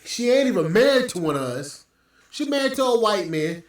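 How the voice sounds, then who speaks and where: This podcast host rants with profane, scornful commentary in a high, sing-song voice at a moderate pace. The mic sits at a distance in a very echoey room.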